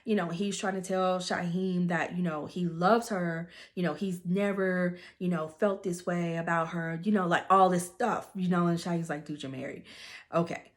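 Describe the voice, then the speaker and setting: Chatty woman with a low voice. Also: level tone, normal speed, hardly any pauses. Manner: chatty and gossipy, heavy on fillers. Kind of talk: casual plot recap.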